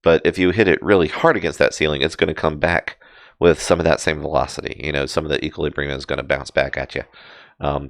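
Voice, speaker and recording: A man's voice: a bass voice, steady tone, fast, no echo. A man giving casual live crypto chart commentary, rambling with many fillers and self-deprecating asides. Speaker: crypto market streamer.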